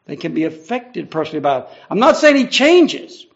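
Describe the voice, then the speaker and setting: A man's voice: a little high, sing-song, a little fast, vocal fry. A man preaching an earnest, conversational verse-by-verse Bible teaching, explaining each passage. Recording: dull lo-fi recording.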